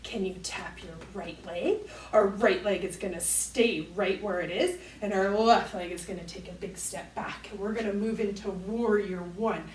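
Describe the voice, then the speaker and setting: A woman's voice: mid-range voice, fairly even intonation, normal speed, hardly any pauses, distant mic, a little hiss or hum. A woman leading a children's yoga class, playful and encouraging, making animal sounds for the kids. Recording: roomy echo, voice from off mic.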